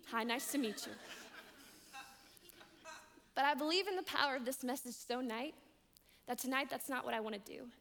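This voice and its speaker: Young adult director, woman; emphatic sermon delivery with long hall reverb. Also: high voice. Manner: emphatic, repeats key lines, swings between loud and hushed.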